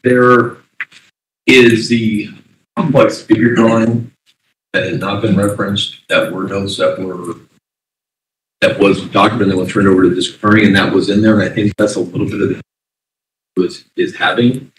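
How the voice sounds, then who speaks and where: A man's voice: on the low side, fairly even intonation, normal speed, pauses often, slight background noise. A man addressing the court as an attorney, meandering and restarting his sentences. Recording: distant, echoey courtroom audio.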